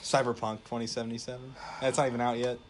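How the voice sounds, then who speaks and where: A man's voice: medium pitch, level tone, fast talker, a little hiss or hum. A young man co-hosting a podcast in casual chat, joking and swearing freely, laughing often and slipping into silly put-on voices. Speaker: podcast co-host.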